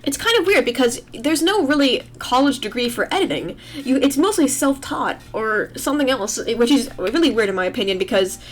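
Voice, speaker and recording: A woman's voice: high-pitched, expressive, brisk, hardly any pauses. A young woman streaming as she draws, chatting in a loose, rambling and self-deprecating way at her computer. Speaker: artist streaming while drawing. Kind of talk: casual livestream chat.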